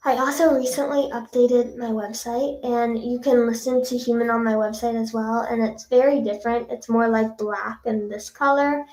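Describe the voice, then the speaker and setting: A bubbly young woman chats with her viewers on a livestream. Her voice sits a little high. It rings in an echoey room. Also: steady tone, moderate pace, hardly any pauses, darkish tone. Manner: bubbly, chatty, reads out viewer comments. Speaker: singer hosting a livestream. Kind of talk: casual livestream chat.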